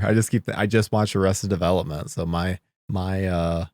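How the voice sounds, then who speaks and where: A low-voiced man co-hosting a casual podcast, joking and enthusiastic with the odd curse. The sound is dry and close, with no room around it. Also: steady tone, normal speed, a little mellow, no echo. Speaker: podcast co-host. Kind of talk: casual chat.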